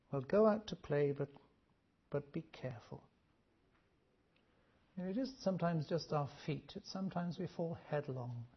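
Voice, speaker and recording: Preacher man, telling stories softly, husky voice, muffled lo-fi sound. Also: fairly high pitch. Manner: gentle, conversational storytelling. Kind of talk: sermon. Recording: dull lo-fi recording.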